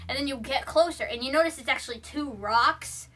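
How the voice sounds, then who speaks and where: A young woman chats casually in a high, bright voice, rambling through a story with plenty of "uh" and "like". She talks from a room at home and restarts her sentences often. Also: brisk. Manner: rambling, full of fillers and restarts. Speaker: vlogger. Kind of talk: casual film retelling.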